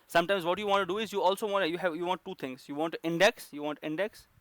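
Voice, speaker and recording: A man's voice: sits high, fairly even intonation, very fast, a bit bright, no echo. Man teaching code, dry close sound. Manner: explains step by step with many fillers and restarts. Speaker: programming instructor. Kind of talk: recorded coding lesson.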